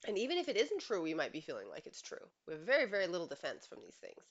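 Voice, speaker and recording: A woman's voice: fairly low pitch, huge pitch swings, quick pace, few pauses, highs cut off. A woman relationship coach giving earnest, emphatic advice straight to camera, often asking rhetorical questions. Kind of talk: direct-to-camera advice monologue.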